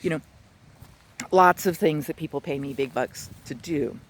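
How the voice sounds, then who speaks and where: A man working as a dog trainer, giving an instructional talk in a chatty, animated way with playful asides. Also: a little high, normal speed.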